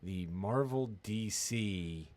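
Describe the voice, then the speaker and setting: A man co-hosting a podcast, talking casually in a blunt, excitable way with lots of swearing. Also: on the low side, very slow, dry recording. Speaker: podcast co-host, actor. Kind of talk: casual chat.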